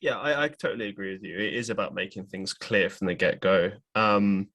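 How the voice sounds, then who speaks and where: A man's voice: fairly low pitch, brisk, fairly bright tone. Male podcast host, casual and frank, a touch irritated, venting in conversation.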